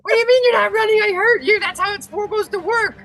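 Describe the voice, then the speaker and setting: Squeaky braggy kobold. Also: male voice, fast, bright, forceful tone, soft background music, full character voice. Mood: indignant. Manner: shrill, whiny, braggy yelping. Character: squeaky cowardly boastful male kobold warrior.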